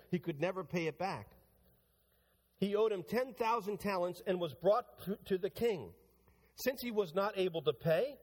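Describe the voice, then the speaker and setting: A man's voice: high voice, a little mellow, breathy edge, in a large hall. A man preaching a sermon to his church, talking conversationally and building to emphatic preaching. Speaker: pastor. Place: church sanctuary.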